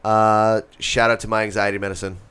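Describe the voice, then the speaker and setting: A man's voice: on the low side, level tone, a little fast, fairly bright tone, clean tone. A young man co-hosting a podcast in casual chat, teasing and bantering crudely. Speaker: podcast co-host.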